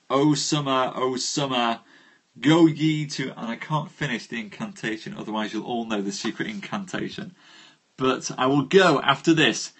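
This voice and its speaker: A man's voice: mid-range voice, husky. A man hosting a live storytelling stream, chatting and jokily greeting viewers by name before he reads. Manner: warm, jokey, greets viewers by name with lively rises. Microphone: phone livestream.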